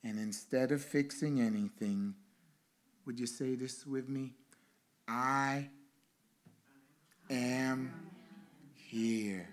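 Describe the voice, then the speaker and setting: A male reverend giving a sermon with a guided meditation at a spiritual center, speaking in slow, rhythmic lines with repeated phrases. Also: mid-range voice, fairly even intonation.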